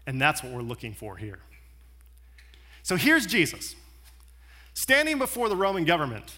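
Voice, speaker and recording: A man preaching a sermon as a pastor, telling the story in a conversational, animated way. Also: sits high.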